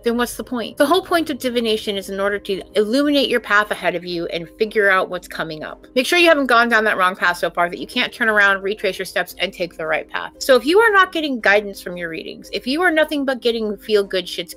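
A woman's voice: mid-range voice, pushed and bright. A middle-aged woman co-hosting a casual podcast, talking bluntly and profanely as a tarot reader.

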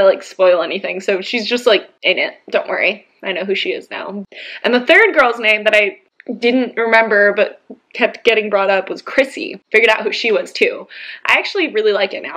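A young woman talks to her camera at home in an easy, rambling way, often breaking into laughter. Her voice sits at an ordinary pitch, and she keeps the tone casual throughout. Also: fairly bright tone. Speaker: book vlogger. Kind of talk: casual vlog chat.

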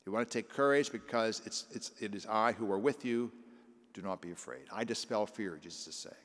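Older priest preaching in a reverberant church. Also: male voice, fairly low pitch, a little fast, fairly bright tone. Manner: conversational preaching, acting out scripture voices. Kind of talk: sermon.

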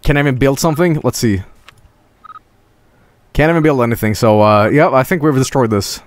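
A man streaming a video game with casual commentary, profane and excitable, often cracking up laughing. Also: mid-range voice, fairly quick.

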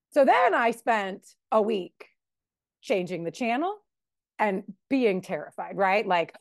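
A woman's voice: mid-range voice, very animated, measured pace, creaky, dry recording, studio quality. A woman in her forties giving a candid, emotional personal recovery testimony at a meeting. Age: 40s. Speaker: member sharing at a recovery meeting.

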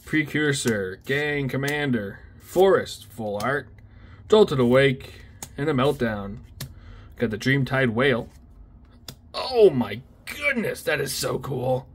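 A young man casually talking through a card unboxing, excitable and slangy, often exclaiming at what he pulls. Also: medium pitch. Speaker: card opening video host.

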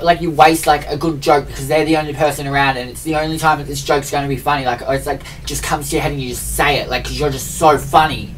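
A man's voice: fairly high pitch, steady tone, fast, few pauses, a bit bright, distant mic, a little hiss or hum, rough recording. A man in his twenties ranting in a chatty vlog, rambling with constant fillers and mocking himself. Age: 20s. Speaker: vlogger.

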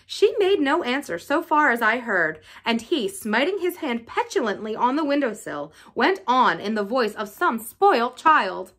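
A woman reading a novel aloud in an expressive, lively style. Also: a little high, a little slow, hardly any pauses. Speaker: reader.

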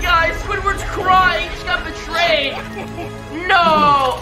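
A high-pitched woman reacts to clips in an excitable, gasping commentary, forever calling out to her viewers as guys. She speaks at an unhurried pace. Her voice sounds roomy, with music playing behind her. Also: over a noisy crowd. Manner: gasping, exclaiming, constantly addressing viewers as guys. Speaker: reaction video host. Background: background music.

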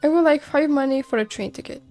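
Woman voicing a pushy frog songstress for a cute game, chirpy, a bit high, faint game music behind. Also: fast talker, dark tone, natural voice. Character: female frog singer, cheerful and pushy. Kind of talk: reading game dialogue aloud.

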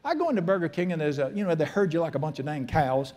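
A man's voice: on the high side, big pitch swings, fast talker, darkish tone. A man, preaching a sermon in an emphatic, folksy, storytelling way with humor. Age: 60s. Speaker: pastor.

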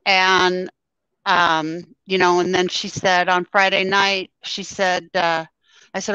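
A woman guest telling a personal story in a halting way, full of ums, her voice scratchy after surgery. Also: medium pitch, fairly even intonation, pushed and bright, smooth, no echo. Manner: halting, with many ums and pauses. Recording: dull, lo-fi sound.

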